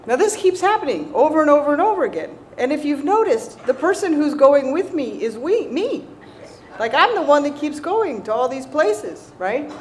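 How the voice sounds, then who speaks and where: A woman's voice: high-pitched, very animated, moderate pace, darkish tone. Southern woman telling her recovery story. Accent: Southern American. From Southern United States. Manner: conversational, keeps checking in with "right?"; self-mocking humor. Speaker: recovery speaker. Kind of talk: personal story told to an audience.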